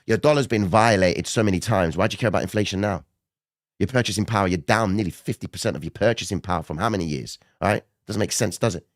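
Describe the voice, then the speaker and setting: A man doing casual live market commentary who keeps checking in with viewers, his voice rougher than usual. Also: on the low side, quick pace, no echo, studio quality. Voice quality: gravelly, not his normal voice. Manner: chatty, addresses viewers directly, frequent "okay?" and "right?".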